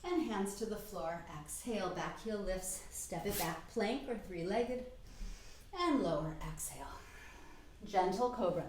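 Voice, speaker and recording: A middle-aged woman teaches a yoga class in calm, encouraging instructions, breathing softly through the exhales and slightly winded from moving. Her voice rings in a very echoey room. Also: medium pitch, a little slow, a little hiss or hum.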